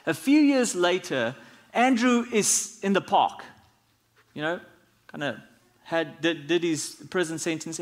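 A pastor preaching a sermon, telling a story with many restarts and dropping his voice when he quotes people. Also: a little high.

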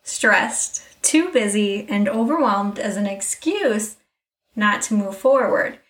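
A middle-aged woman hosts a podcast, giving a candid, reflective personal monologue directly to her listener. Her mid-range voice is animated, slow, and fairly bright. It was recorded from a distance, a little off mic, with a roomy echo.

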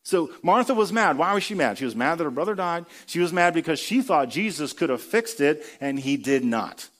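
A man's voice: on the high side, fairly bright tone. A man giving a sermon in a conversational preaching style, asking the congregation rhetorical questions. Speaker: pastor.

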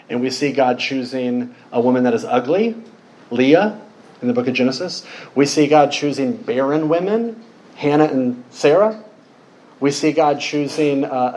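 A man's voice: mid-range voice, darkish tone, low-quality recording. Casual, joking preacher man. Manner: informal and storytelling, with frequent fillers and joking asides. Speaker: pastor. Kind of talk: conversational sermon.

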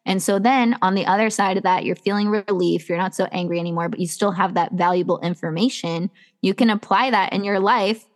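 A woman guest on a podcast who coaches people in self-love. She talks in a casual, earnest, encouraging way and keeps slipping in "like". Her voice sits at an ordinary middle pitch. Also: brisk. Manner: earnest and encouraging, many "like" fillers.

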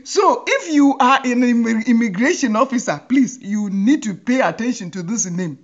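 A woman's voice: a little high, lively intonation, moderate pace. A woman hosting a humorous commentary monologue, teasing and laughing often. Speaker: podcast host. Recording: dull lo-fi recording.

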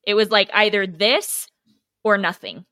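A woman's voice: medium pitch, measured pace, pushed and bright. A woman co-hosting a podcast, telling stories in an earnest, motivational way. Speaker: podcast co-host. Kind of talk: casual chat.

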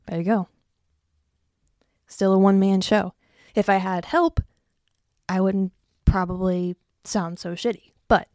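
Her voice sits in the mid range with a darkish tone, and the sound is clean studio audio without any room sound. She's a young adult woman doing a casual solo podcast from her basement, chatty, poking fun at herself, cursing freely and a bit out of breath.

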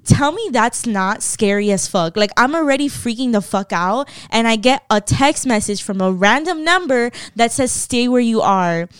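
A young woman tells a story in casual vlog style. She swears freely and acts out the voices she quotes with animated energy. Her voice is smooth and clean, recorded dry and close to the mic. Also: on the high side, normal speed, few pauses, no room sound.

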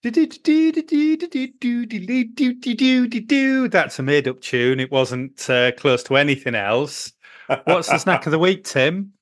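A man's voice: medium pitch, unhurried, fairly bright tone, dry recording, clean studio sound. A man co-hosting a casual podcast chat, rambling with plenty of fillers and restarts. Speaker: podcast co-host.

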